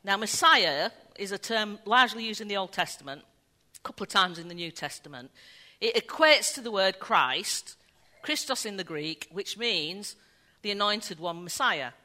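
A woman preaching a sermon, telling the story in an animated way and acting out the voices of the people in it. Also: medium pitch, moderate pace. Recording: long hall reverb.

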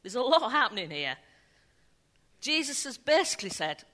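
A woman preaching a sermon, telling the story in an animated way and acting out the voices of the people in it. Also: a little high, normal speed. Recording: long hall reverb.

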